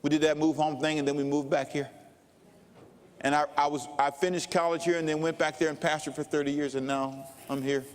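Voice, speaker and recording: An older male pastor preaching a sermon, telling stories slowly and dramatically. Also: a little high, level tone. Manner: slow, dramatic preaching with storytelling. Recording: long reverb of a large hall.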